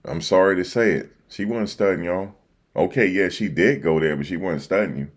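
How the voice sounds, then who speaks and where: A man with a low voice speaking at normal speed hosts a casual livestream into a desk mic. With his East Coast accent, he reacts to the election results in loose, slangy talk that keeps repeating itself.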